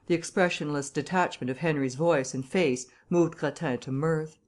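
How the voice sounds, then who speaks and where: A woman narrating an audiobook in a measured, even storytelling manner. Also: deep voice.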